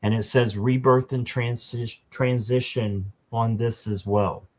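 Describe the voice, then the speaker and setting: A man's voice: medium pitch, steady tone, slow pace, a little mellow. A man doing a casual live tarot reading, chatting to viewers and reading the card text aloud. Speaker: tarot reader.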